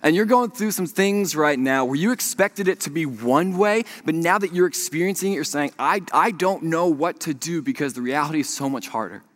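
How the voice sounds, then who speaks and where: A young man preaching a sermon, telling a story with animated swings from hushed to loud. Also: a little high, a little fast, hardly any pauses. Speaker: pastor.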